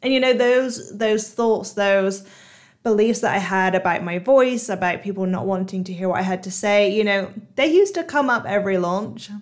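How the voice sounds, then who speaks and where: A woman's voice: medium pitch, moderate pace. A woman with a Bristol accent, hosting her own podcast as a hypnotherapist and coach, talking casually with many fillers. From Bristol, England. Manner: chatty, frequent "you know" and "like" fillers. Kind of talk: solo podcast monologue.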